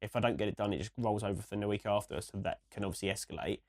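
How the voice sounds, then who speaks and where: A young man co-hosting a casual podcast, ranting and rambling with many restarts, a little hoarse from a recent cold. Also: fairly low pitch, very fast. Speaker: podcast co-host.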